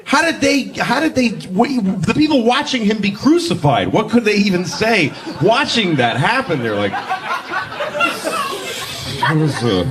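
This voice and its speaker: A man performing a stand-up comedy set, telling stories deadpan and jumping into shouted voices. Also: high voice, normal speed, few pauses, a crowd in the background. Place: comedy club stage with audience.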